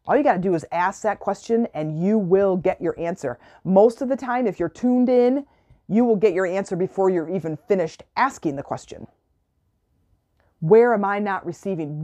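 A woman's voice: medium pitch, dark tone. A woman coach giving a motivational self-help talk, emphatic, repeating key phrases and acting out the questions people ask her.

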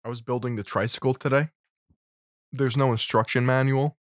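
A man's voice: mid-range voice, fairly even intonation, moderate pace, no room sound, studio quality. A young man co-hosting a podcast, laid-back and teasing, laughing easily. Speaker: podcast co-host. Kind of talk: casual podcast banter.

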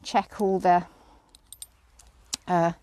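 A woman's voice: fairly low pitch, flat delivery, very slow, mellow, slight background noise. A middle-aged woman chatting casually outdoors with horses, breaking off to call commands to a horse she is lunging. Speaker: horse owner vlogger.

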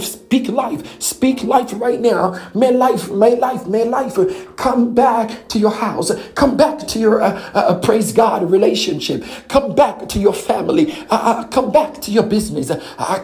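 A woman preaching a fervent sermon, repeating phrases and filling pauses with "praise God.". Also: fairly high pitch, warm tone.

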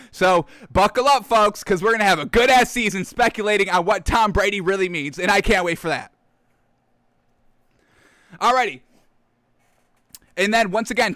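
A man doing casual sports commentary, excitable and profane, who keeps calling the audience folks. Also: sits high, no echo, clean studio sound. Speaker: sports talk host.

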